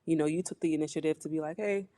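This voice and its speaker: Encouraging woman interviewer, low voice. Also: little pitch movement, racing, dark tone. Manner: encouraging, frequent backchannel affirmations. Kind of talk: casual interview.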